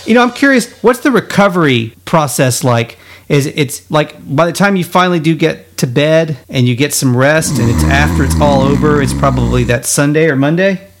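A man hosting a podcast in casual chat, playful and quick to laugh. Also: on the high side, animated, vocal fry, noisy background. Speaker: podcast host.

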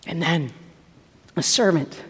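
A woman preacher retelling a story in a lively sermon, acting out the characters and dropping to a hush at tense moments. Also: sits low, slow, breathy edge. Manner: acts out the characters with shifting voices, drops to hushed tones. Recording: hall reverb from a live talk.

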